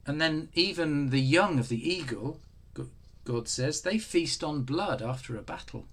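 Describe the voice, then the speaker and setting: A man preaching a sermon, animated, acting out the voices in the story. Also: fairly high pitch, slightly rough. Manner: animated, acts out voices of God and Job.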